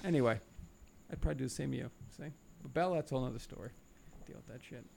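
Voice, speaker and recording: Gravelly, foul-mouthed male podcast host. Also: medium pitch, very fast, darkish tone. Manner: crude, joking, swears freely. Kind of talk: casual podcast chat.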